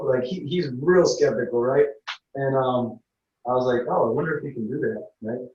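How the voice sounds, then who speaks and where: A man, an interview guest, telling a story in a casual, halting way and acting out what others said. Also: mid-range voice, echoey room, far from the mic, muffled recording. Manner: animated, halting storytelling that acts out others' lines.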